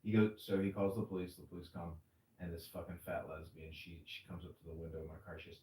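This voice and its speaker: Man, lowish voice, profane rambling storyteller, roomy distant mic. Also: steady tone, fast talker, darkish tone. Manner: profane, mocking, rambling anecdotes. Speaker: podcast host. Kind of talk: casual crude banter and storytelling.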